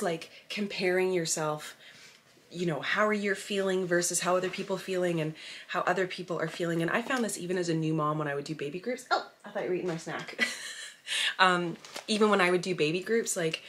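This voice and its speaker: A woman's voice: on the low side, fairly quick, a bit bright, slight background noise. A woman, a mom vlogging at home in easy casual chat that is full of "like". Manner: chatty, peppered with "like".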